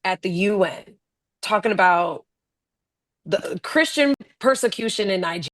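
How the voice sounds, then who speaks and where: A woman on a podcast, guiding the chat along in a conversational way. Her voice sits in a middle pitch. The sound is dry and close. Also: lively intonation, normal speed, fairly bright tone, no room sound.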